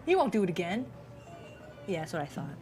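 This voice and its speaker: A young woman streaming a video game who comments in an excitable, chatty way and talks to her chat. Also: fairly low pitch, brisk, music in the background. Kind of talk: casual live-stream commentary.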